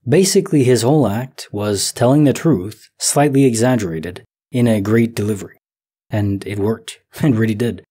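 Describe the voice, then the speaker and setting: Brief: thirties male sleep story narrator, slow and reflective, dark husky tone. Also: fairly low pitch. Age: 30s. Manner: slow, soft, reflective, thinking aloud. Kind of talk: calm musing commentary on listener stories.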